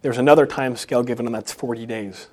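Man of ordinary pitch preaching loosely, stumbling and building emphasis. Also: fairly even intonation, darkish tone. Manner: halting, with many restarts and rising emphasis. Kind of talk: unscripted sermon.

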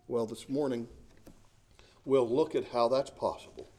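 A man's voice: medium pitch, fairly even intonation, unhurried, mellow. A middle-aged male pastor preaching a sermon in an earnest, emphatic way, often repeating words as he searches for the next phrase.

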